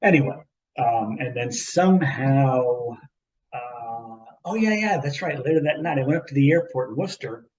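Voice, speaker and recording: A man's voice: on the high side, fairly quick, hardly any pauses. Rambling male podcast co-host, muffled. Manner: animated, rambling anecdote with repeats and asides. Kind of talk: casual storytelling chat.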